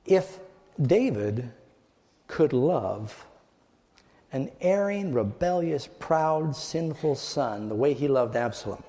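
A man preaching a sermon, telling a story dramatically, his voice rising high and dropping to a hush. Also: lively intonation, slow. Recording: long hall reverb.

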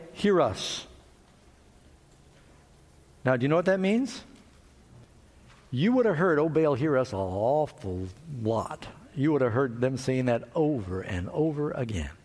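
Animated preacher man in a reverberant hall. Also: a little high. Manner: animated storytelling, acts out chants and mockery. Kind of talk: sermon. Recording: long reverb of a large hall.

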